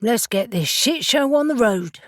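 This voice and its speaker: A woman's voice: a little high, expressive, measured pace, no room sound, clean studio sound, voice pushed up. A woman doing a blunt, sarcastic male witch. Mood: exasperated. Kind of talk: audiobook character voice.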